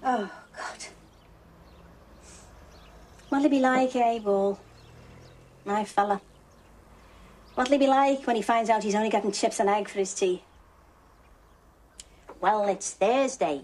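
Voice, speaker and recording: A wry housewife. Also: female voice, fairly high pitch, a little slow, long pauses, a little mellow. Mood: wry chatter. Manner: dry, sardonic, chatty. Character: wry, bored middle-aged Liverpool housewife. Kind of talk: film monologue to camera.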